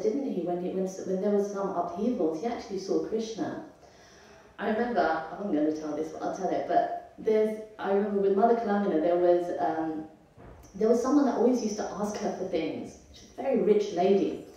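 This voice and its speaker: A woman's voice: mid-range voice, lively intonation, a little fast, dark tone. A woman giving a devotional scripture class in a conversational way, asking her audience questions as she goes. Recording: echoey temple hall, voice from far off.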